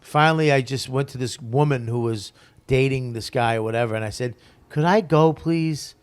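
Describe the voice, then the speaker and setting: Man, 40s, comedian guest, casual storytelling, profane, animated, mid-pitched. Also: brisk, smooth. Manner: profane, animated, laughs through stories.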